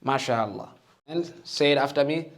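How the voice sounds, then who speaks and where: A man teaching the Arabic alphabet and Quran reading, patient and encouraging, often checking with "okay?" and sounding out each letter loudly for listeners to repeat. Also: mid-range voice, moderate pace. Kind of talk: slow patient alphabet lesson with call-and-repeat.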